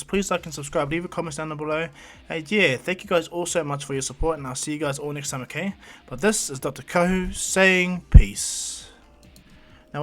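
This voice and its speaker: A man hosting his own channel, narrating a fan story casually with fillers and side remarks. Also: on the high side.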